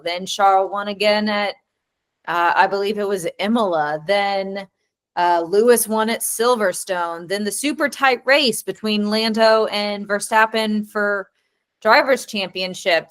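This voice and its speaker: A woman's voice: medium pitch, a bit bright. A woman co-hosting a podcast in casual chat, enthusiastically listing things one after another. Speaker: podcast co-host.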